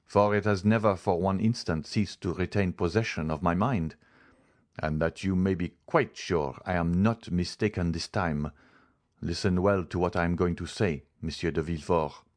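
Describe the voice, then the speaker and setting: A grave male doctor speaks in a low, steady voice, laying out his case with measured insistence, as a male narrator reads him. The voice stays close to the reader's own, deep and unhurried. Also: lightly acted. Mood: grave, insistent. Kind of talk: audiobook character voice.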